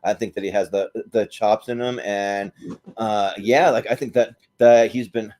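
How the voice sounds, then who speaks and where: A man's voice: fairly low pitch, fairly even intonation, normal speed, darkish tone. A man speaking as a panelist in a casual chat, easygoing and enthusiastic.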